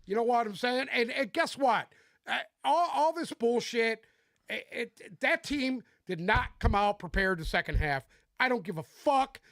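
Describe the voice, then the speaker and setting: Male podcast co-host, high voice, emphatic profane ranter, dry close sound. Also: lively intonation, unhurried, fairly bright tone, dry recording. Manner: profane, emphatic, exasperated rants. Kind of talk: casual sports debate.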